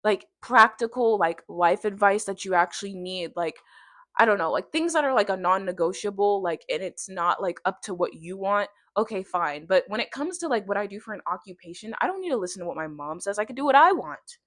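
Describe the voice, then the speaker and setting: A tired young woman in her twenties talks straight to camera in a loose, rambling vlog chat. She races through tangents with plenty of fillers. Her voice sits at a middling pitch, and the sound is close and dry. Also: lively intonation, fairly bright tone, no echo. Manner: rambling, fast talk with many fillers and tangents. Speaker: vlogger.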